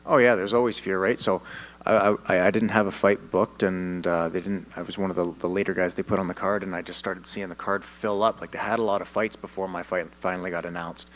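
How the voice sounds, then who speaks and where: A man from Canada, a fighter at a media day, answering reporters' questions with confidence and animated storytelling, often restarting his sentences. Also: deep voice, fairly quick, low-quality recording. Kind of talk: press interview answers. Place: media day press room.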